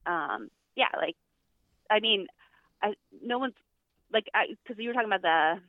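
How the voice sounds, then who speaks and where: A woman's voice: mid-range voice, expressive, moderate pace, dry recording. A woman speaks as a podcast guest over a tinny, phone-like line. Her delivery is loose and chatty, full of fillers and restarted sentences. The sound is dry with no room around it. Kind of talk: casual chat.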